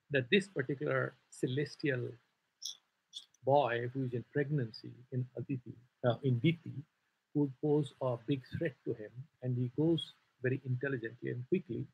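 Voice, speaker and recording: Gravelly Indian man teaching scripture. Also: mid-range voice, muffled recording. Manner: explanatory and digressive, many "sort of" hedges. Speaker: Vedanta teacher. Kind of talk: scripture class lecture.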